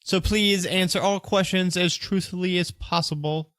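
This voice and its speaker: A man's voice: high-pitched, steady tone, normal speed, fairly bright tone, no room sound, voice pushed up. A man voicing a formal, commanding male figure who owns a magic scarab. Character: indignant male owner of a stolen scarab.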